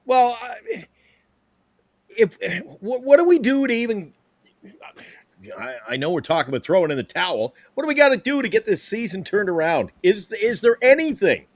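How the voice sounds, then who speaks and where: Animated sarcastic male host. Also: high voice, moderate pace, dry recording. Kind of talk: casual sports talk stream.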